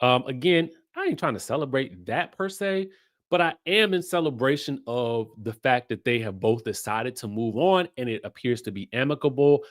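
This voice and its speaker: Animated, sassy male pop culture host. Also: mid-range voice, moderate pace, dry recording, clean studio sound. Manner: animated, playful, sassy asides to viewers. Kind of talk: casual pop culture commentary.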